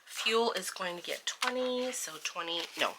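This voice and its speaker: A woman vlogging her budget in a casual way, counting bills aloud in a steady murmur and laughing at her own mistakes. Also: mid-range voice, unhurried, very noisy. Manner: chatty, self-deprecating, laughs at her own slips. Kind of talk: casual counting-out-loud vlog.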